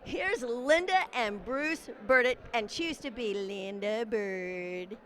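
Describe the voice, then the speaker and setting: Female emcee, 60s, playful and gushing, bright edge, slightly high voice. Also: slow. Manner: effusive, teasing emcee. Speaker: red carpet interviewer at a class reunion. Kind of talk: casual event interviews.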